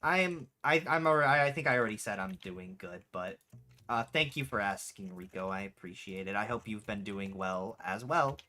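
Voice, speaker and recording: Late-20s livestreamer, sharp bright tone, loose animated storytelling, cusses casually. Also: deep voice, moderate pace. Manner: animated storyteller, swears freely, answers chat aloud. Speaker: streamer and game developer.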